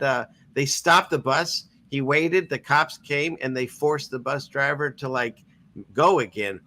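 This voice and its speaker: A man's voice: a little high, sharp tone. A man hosting a casual online talk show, rambling through a story with frequent restarts and easy laughter. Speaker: podcast host. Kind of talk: casual chat.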